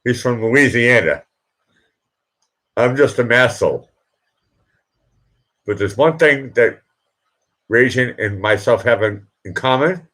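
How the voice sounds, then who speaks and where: A man hosting a late-night live stream, emotional and teary, talking in halting, rambling bursts. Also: mid-range voice, expressive, pushed and bright. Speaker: livestream host.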